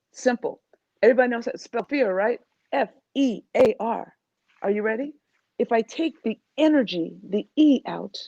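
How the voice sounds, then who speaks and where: A woman from New York, a life coach, talking as a guest in an interview in an animated, emphatic way. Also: on the high side, dry recording, muffled recording. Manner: animated, emphatic, acts out quoted voices. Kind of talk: interview conversation.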